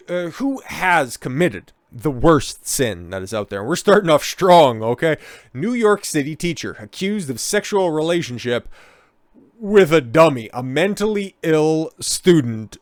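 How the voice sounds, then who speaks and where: A man reading news stories aloud and breaking in with mocking, sarcastic remarks, with loud bursts when he reacts. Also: fairly high pitch, no echo, clean studio sound. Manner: mocking, sarcastic, talks over what he reads. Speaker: commentator.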